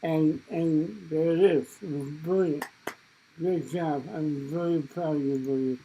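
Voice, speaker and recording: A man's voice: fairly high pitch, fairly even intonation, measured pace, warm tone, slight background noise, low-quality recording. A man hosting a virtual magic show on a video call, praising performers and introducing the next one. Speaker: show host.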